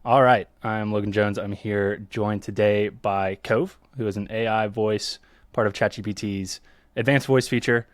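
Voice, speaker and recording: A man's voice: fairly low pitch, moderate pace, no echo, studio quality. A man from Eastern Kentucky hosting a podcast, talking casually with lots of ums. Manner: relaxed, many ums and restarts. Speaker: podcast host.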